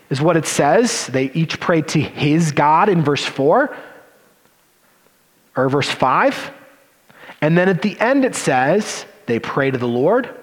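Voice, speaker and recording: A male pastor preaches with a fairly high voice that climbs and dips with lots of expression. He drops into teasing, sarcastic asides. The sound carries a long reverb, as in a large hall. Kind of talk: sermon.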